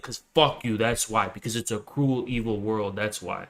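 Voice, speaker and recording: A man's voice: medium pitch, expressive, moderate pace, a bit bright. A male streamer and host ranting on a live stream, profane, aggressive and confrontational.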